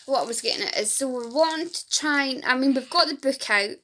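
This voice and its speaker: A woman's voice: high-pitched, a little fast, pushed and bright. A woman from Scotland with a Fife accent, a support group founder making an earnest, rambling appeal in a casual talk to camera. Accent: Scottish, Fife. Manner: earnest, rambling, emotional at times.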